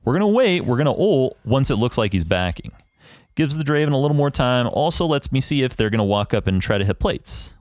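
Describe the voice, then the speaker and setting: Brief: gamer guy reviewing his match, analytical but foul-mouthed, pitch swings a lot as he talks. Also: expressive, brisk, darkish tone, dry recording. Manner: profane, ranting, self-assured. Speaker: gaming YouTuber reviewing his own match. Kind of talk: casual gameplay commentary.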